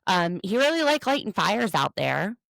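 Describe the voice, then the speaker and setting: Woman co-host, sarcastic and animated, gravelly edge, dry close sound. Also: medium pitch, moderate pace, no room sound. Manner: animated, sarcastic, laughs often. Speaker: podcast co-host. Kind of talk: casual recap chat.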